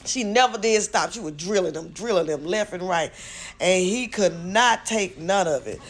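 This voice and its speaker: A woman's voice: fairly low pitch, lively intonation, normal speed. An older woman recapping events in a chatty, opinionated way, speaking straight to her viewers. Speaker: reality show commentator. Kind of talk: casual commentary recap.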